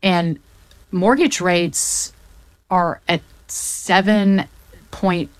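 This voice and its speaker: A woman's voice: lowish voice, extremely slow, smooth, no echo. A woman from the Southern United States explaining the economy in casual chat, packed with figures, often restarting mid-sentence. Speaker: economics commentator.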